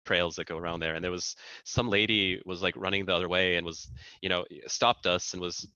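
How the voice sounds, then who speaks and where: A man in his thirties talks casually as an interview guest. His voice is low but bright in tone. He circles his points with fillers and restarts. The sound is dry and a little dull, as over a video call. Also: little pitch movement, a little fast, smooth, no echo. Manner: chatty, many restarts and fillers. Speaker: guest engineer. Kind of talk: casual conversation.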